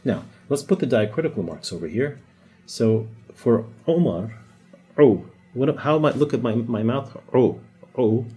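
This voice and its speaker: This Arabic teacher, a native Arabic speaker, has a mid-range, warm and slightly rough voice, and he sounds animated while keeping a measured pace. He runs a casual whiteboard lesson, explaining patiently, demonstrating sounds and joking a little.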